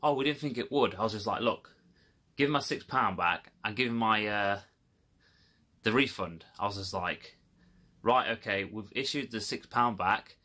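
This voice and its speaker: A man's voice: fairly low pitch, moderate pace, pushed and bright. Exasperated man ranting. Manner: swearing, exasperated storytelling. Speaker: video creator. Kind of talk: casual rant to camera.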